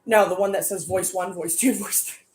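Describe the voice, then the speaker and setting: A woman's voice: mid-range voice, normal speed, a little hiss or hum. Casual swearing woman, echoey room. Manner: animated, swears freely. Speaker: player recapping a tabletop game. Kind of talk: casual recap chat.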